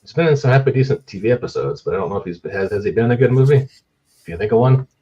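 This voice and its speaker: A man talks through a movie plot in a loose, rambling way, stopping often on fillers. His middle-pitched voice comes through a slightly muffled, lo-fi recording. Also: expressive, rapid-fire, mellow. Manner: rambling, hesitant, many fillers while recounting a movie. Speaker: podcast co-host. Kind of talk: casual podcast discussion.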